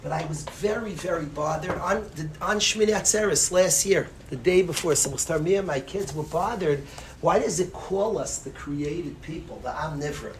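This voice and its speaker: A man, a rabbi, giving a passionate sermon-style Torah class, swinging from loud cries to hushed near-whispers and peppering his speech with Hebrew and Yiddish terms. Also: on the high side, moderate pace, a little hiss or hum.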